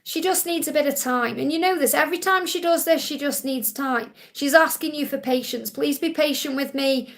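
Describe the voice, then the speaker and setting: A woman's voice: sits high, fairly quick, hardly any pauses, a bit bright. A woman hosting a live Q&A as a psychic reader, soothing and reassuring, repeating key phrases and often checking in with "okay?". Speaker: psychic reader answering viewer questions. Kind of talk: live-stream Q&A card reading.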